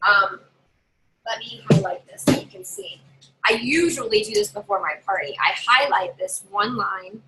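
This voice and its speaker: A woman's voice: medium pitch, animated, moderate pace, pushed and bright, a little hiss or hum, rough recording. A woman giving casual how-to tips to camera as a party sales consultant, chatty and bossy, talking from her desk at home. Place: home desk with a drawer and her dog nearby.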